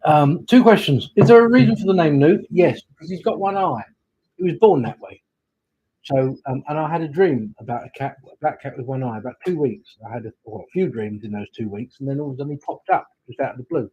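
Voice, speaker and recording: A man hosts a live stream, chatting loosely and greeting viewers with the odd casual swear. His voice is husky and swings widely in pitch. The stream audio sounds dull and muffled. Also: animated, fairly quick, mellow. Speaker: livestream host, witch doing readings.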